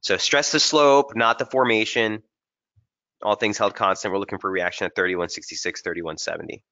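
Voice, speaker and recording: Bright-voiced man walking through trading charts. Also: fairly low pitch, fairly quick, muffled recording. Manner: casual and energetic, talks straight to viewers as "guys". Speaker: technical strategist hosting a trading webinar. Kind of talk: live market analysis over charts.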